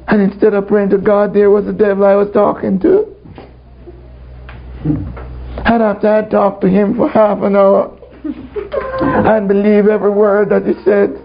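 Animated preacher man, dull lo-fi recording. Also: high-pitched, vocal fry. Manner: laughs often, acts out quoted voices. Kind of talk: storytelling sermon. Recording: dull lo-fi recording, faint background.

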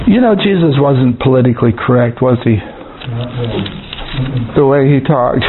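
A man preaching an informal sermon in a conversational way, repeating words and reading scripture verses slowly. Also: on the high side, animated. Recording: tinny phone-like sound with faint hiss.

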